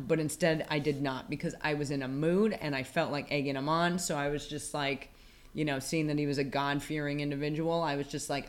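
A woman's voice: deep voice, fairly even intonation, fairly quick. A woman co-hosting a casual podcast chat, ranting with heavy profanity and sarcasm. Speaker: podcast co-host.

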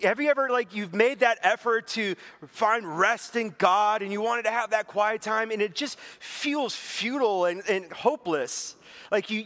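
A man's voice: high-pitched, sharp tone. A man preaching a conversational sermon, chatty and full of rhetorical questions and acted-out inner voices. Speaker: pastor.

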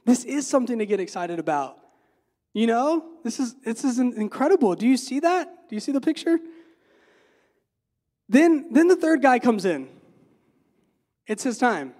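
A man's voice: very high-pitched, very animated, normal speed, pauses often, darkish tone. A man giving a casual, conversational sermon, full of fillers and repeated words, often asking the listeners rhetorical questions. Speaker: preacher.

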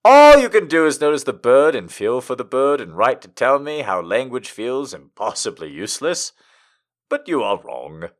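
Brief: male poetry host, lively rise and fall, reads slowly then chats with frequent laughs. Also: mid-range voice. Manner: laughs often, trails off into asides. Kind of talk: poetry reading and casual chat.

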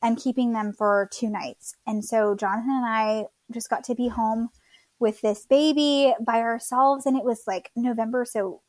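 A woman's voice: on the high side, fairly even intonation, normal speed, no room sound. A woman in her thirties from Florida casually telling her birth story as a guest, chatty with many fillers.

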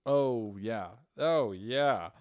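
A man's voice: mid-range voice, very slow, a little mellow. A man in casual, joking chat, swearing freely and breaking into silly voices.

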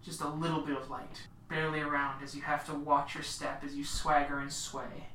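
Low-voiced woman storyteller, slow descriptive narration, roomy distant mic. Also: flat delivery, a bit bright, slight background noise. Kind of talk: narrating a tabletop game.

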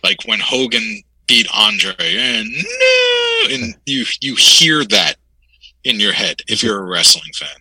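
Man, very bright husky voice, lively pitch, eager opinionated talker. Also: no echo, rough recording. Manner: enthusiastic, quick opinionated wrestling fan. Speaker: podcast co-host. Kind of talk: casual chat over video call.

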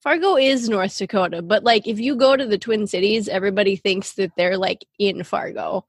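A woman's voice: medium pitch, fairly quick, husky, no echo, clean studio sound. A woman in her thirties from Minnesota with a Minnesotan accent, co-hosting a podcast in casual chat and laughing often. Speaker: podcast co-host.

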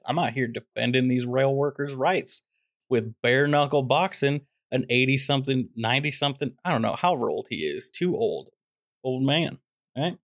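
A man's voice: medium pitch, expressive, moderate pace, no room sound, studio quality. A man co-hosting a movie podcast, rambling through a jokey, ranting casual review. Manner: rambling, jokey, drifts into mock rants. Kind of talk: casual comedic review chat.

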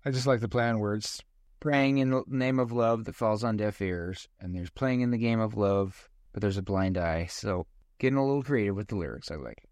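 A man's voice: on the low side, normal speed, darkish tone, dry recording. A man co-hosting a podcast in casual chat, making wry, joking asides. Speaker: podcast co-host.

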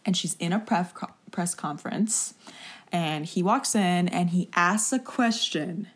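A young woman in casual chat, recapping a movie with an animated, quick retelling and acted-out quotes. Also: fairly low pitch, breathy edge. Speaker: podcast co-host.

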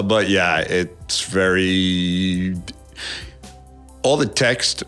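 A man from New York, a musician, talking in a casual interview, animated, swearing often and rambling with many restarts. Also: low-pitched. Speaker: musician guest.

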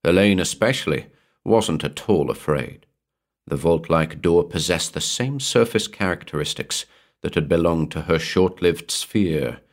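A man reading a horror story aloud in a measured, atmospheric storytelling manner. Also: low voice, expressive. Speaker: narrator. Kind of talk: scripted horror narration.

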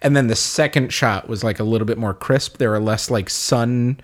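A man's voice: medium pitch, moderate pace. Eager laughing man chatting. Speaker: podcast co-host. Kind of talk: casual chat.

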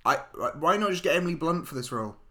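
Relaxed man chatting about a film. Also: fairly high pitch. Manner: relaxed and teasing, quick to interject. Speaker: podcast co-host. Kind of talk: casual film review chat.

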